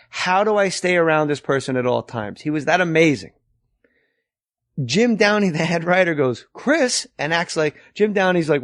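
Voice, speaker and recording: A man telling an animated anecdote in an interview, acting out other people's voices as he goes. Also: fairly high pitch, no room sound, studio quality. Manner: animated storyteller, acts out voices. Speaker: comedian telling a story.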